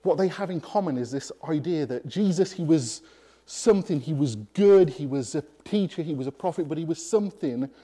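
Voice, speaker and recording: A man preaching a sermon, emphatic and pausing deliberately between phrases. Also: a little high, animated, dark tone.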